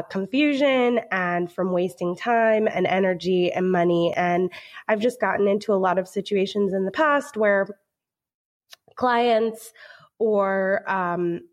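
A woman talks as a guest on a relaxed podcast at an ordinary pitch. She sounds upbeat and laughs easily while she explains her points. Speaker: project manager guest. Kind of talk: casual podcast interview.

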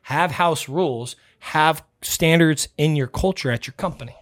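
A man hosting a motivational podcast, talking bluntly and loudly with some swearing, a self-described yeller. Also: fairly high pitch, normal speed. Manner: blunt, profane and fired up. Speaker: podcast host.

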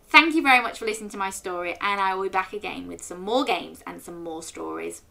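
A woman hosting a children's story and quiz show, speaking in a sing-song, drawn-out way for young listeners. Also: medium pitch, vocal fry, bright, forceful tone. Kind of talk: playful read-aloud quiz for children.

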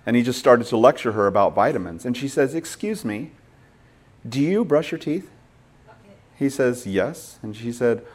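A middle-aged male pastor preaching a sermon, talking conversationally and telling stories with emphatic stress. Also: lowish voice.

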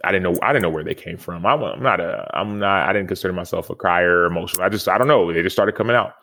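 A man's voice: low-pitched, fast, sharp tone. A man in his thirties, a podcast guest and former football player, telling a personal story in an earnest, reflective way. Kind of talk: storytelling interview answer.

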